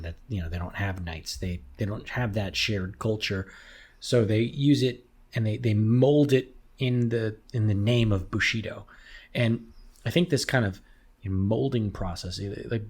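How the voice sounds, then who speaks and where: Husky low-voiced young man explaining. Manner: explanatory, thinks aloud. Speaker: podcast co-host. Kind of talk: casual chat.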